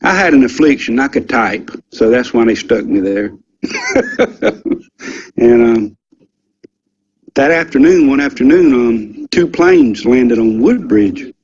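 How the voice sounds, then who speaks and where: Speaking slowly and pausing often, this older interview guest, once a military security policeman, rambles through a casual, folksy recollection with plenty of ums and the odd curse word. He has a mid-range, slightly rough, a little mellow voice with lively intonation, captured on dull lo-fi audio.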